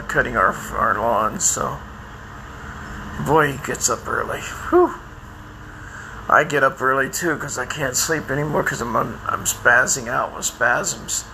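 An older man talking in a rambling, halting personal monologue, with many restarts and fillers. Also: mid-range voice, background noise. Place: outdoors by a house, lawnmower nearby.

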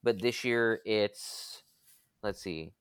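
A man co-hosting a podcast in a casual group chat, talking in a relaxed, rambling way with fillers. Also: lowish voice, drawn-out words, clean tone, dry recording. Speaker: podcast co-host.

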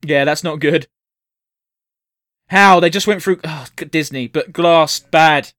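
Sweary high-voiced man joking around. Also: fairly bright tone, no room sound, studio quality. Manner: sweary, joking, quick to laugh. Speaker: co-host watching a cartoon. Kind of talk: casual reaction chat.

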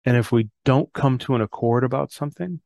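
A man's voice: mid-range voice, fairly quick, creaky, darkish tone, dry recording. A middle-aged man hosting a podcast, talking earnestly about fatherhood and faith and reading scripture aloud. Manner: earnest, reads scripture aloud, self-correcting. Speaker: podcast host. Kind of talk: reflective faith talk.

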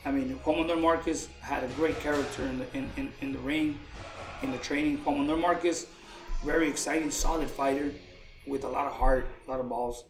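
A man, a boxing coach, telling stories in a relaxed way during a casual interview, often repeating words as he goes. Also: medium pitch, a little fast. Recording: echoey room with faint music.

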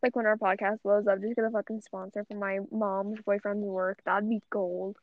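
Mid-range in pitch and level in tone, a young woman's voice comes at normal speed in a dry recording. As a podcast co-host she chats casually and rambles, with frequent swearing and constant "like," all on dull, lo-fi audio.

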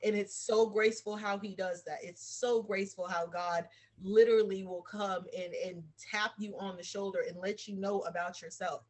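A woman with a husky, slightly breathy voice shares her faith in casual, heartfelt podcast talk. She tells personal stories with emotion and animated earnestness. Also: mid-range voice, normal speed, hardly any pauses.

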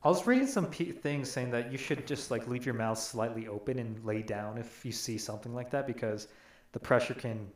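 A man's voice: mid-range voice, fairly quick, roomy sound. A man hosting a casual podcast, narrating a video and explaining things in a rambling way. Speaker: podcast host.

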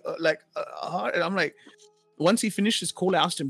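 A man's voice: fairly high pitch, quick pace, no echo, faint music behind. A man from India, a podcast co-host chatting casually and acting out the people in his stories. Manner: animated storyteller, acts out quoted voices.

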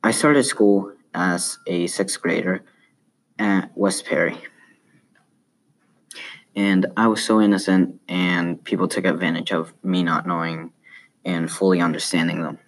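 Low-voiced man with a light Spanish accent. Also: steady tone, measured pace, long pauses. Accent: light South American Spanish. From South America. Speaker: student. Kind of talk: reading a personal essay aloud.

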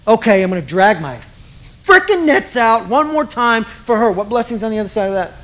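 High-voiced man preaching casually. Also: big pitch swings, fairly quick, a bit bright. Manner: casual, joking, acts out quoted voices. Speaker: pastor. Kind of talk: sermon.

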